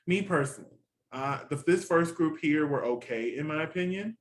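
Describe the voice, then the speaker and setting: A man co-hosting a casual review chat, animated and laughing often. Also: fairly high pitch, normal speed, low-quality recording. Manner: chatty and animated, laughs often, quotes reactions. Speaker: co-host reviewing a TV competition.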